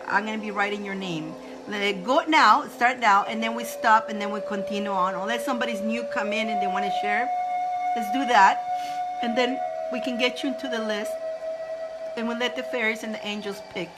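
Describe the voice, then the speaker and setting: A woman hosting a spiritual live stream, chatting casually and excitedly with viewers. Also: fairly high pitch, poor audio. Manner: chatty and excitable, breaks into laughter.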